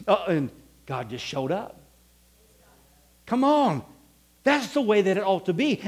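A male pastor preaching a sermon, swinging between loud exclamations and hushed asides. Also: sits high, breathy edge.

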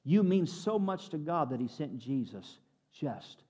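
A man preaching a sermon, switching between loud exclamations and hushed moments and repeating words as he builds up. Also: a little high, sing-song, unhurried. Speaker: pastor.

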